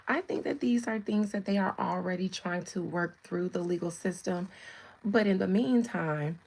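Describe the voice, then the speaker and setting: A woman's voice: medium pitch, moderate pace, creaky, darkish tone, breathy edge, rough recording. A woman in her thirties reading tarot on a casual livestream, chatting with viewers and laughing often. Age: 30s. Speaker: tarot reader.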